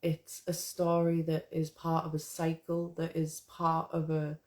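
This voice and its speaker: A woman's voice: low-pitched, monotone, unhurried, darkish tone. A woman poet chatting casually to her viewers, rambling and swearing, then reading her own poem aloud. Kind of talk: casual live chat and poetry reading.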